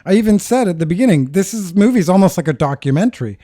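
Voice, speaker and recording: A man's voice: high-pitched, animated, quick pace, mellow, no echo, studio quality. A man co-hosting a casual film discussion, talking thoughtfully with many hedging fillers. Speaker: podcast co-host.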